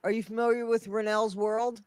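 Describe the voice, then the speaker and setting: A high-pitched man hosts a casual livestream, his voice stuffy and congested. He talks haltingly, restarting his sentences. The sound is dry and close. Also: flat delivery, a little mellow, clean tone, no echo. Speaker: livestream host.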